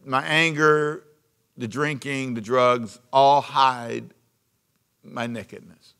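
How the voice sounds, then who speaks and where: A man preaching a sermon as pastor, swinging from loud emphasis to hushed asides. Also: mid-range voice, fairly even intonation, slow, creaky, smooth.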